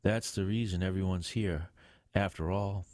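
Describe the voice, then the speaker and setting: A man's voice: sits low, fairly even intonation, normal speed, a little mellow, no room sound, clean studio sound, lightly acted. A man voicing a stern, know-it-all man in a Santa suit who lectures others. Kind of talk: audiobook character voice.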